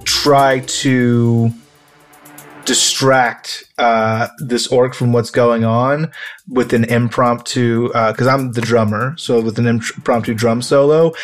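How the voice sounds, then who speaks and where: A man's voice: medium pitch, little pitch movement, unhurried, soft background music. A man playing a tabletop role-play game, explaining rules in a rambling, casual way with some swearing.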